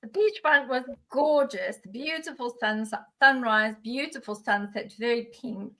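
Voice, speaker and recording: A woman's voice: on the high side, unhurried, a bit bright. A woman co-host chatting in an enthusiastic, upbeat way on a podcast. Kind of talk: casual interview chat.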